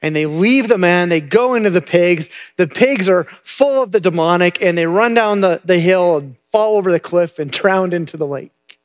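A man's voice: sits high, normal speed. A male pastor retelling a Bible story in a conversational sermon, often repeating words as he goes.

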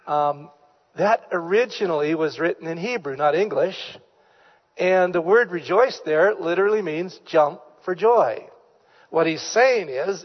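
A pastor preaching a sermon in church, with emphatic delivery, repeated key phrases and questions put to the congregation. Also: male voice, sits high, animated, measured pace, big-room sound, muffled recording. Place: church sanctuary.

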